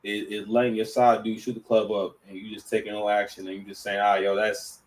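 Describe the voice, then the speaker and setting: A man's voice: on the low side, quick pace, distant mic, low-quality recording. A man giving casual reaction commentary, stammering and restarting, full of slang. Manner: stammering, slang-heavy, animated.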